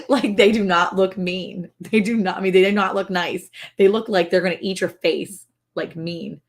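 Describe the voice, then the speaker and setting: A woman co-hosting a casual ranch livestream, chatty and quick to laugh, slipping into voices to mimic people. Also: medium pitch, fairly even intonation. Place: home on a farm.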